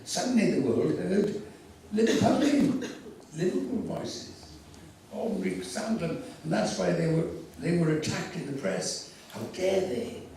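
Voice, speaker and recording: An older man telling theatrical, animated anecdotes as a convention guest, recorded from far off in an echoey hall. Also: high voice, a little slow, creaky, a little hiss or hum. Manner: theatrical, animated storyteller with laughs. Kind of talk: anecdotal storytelling.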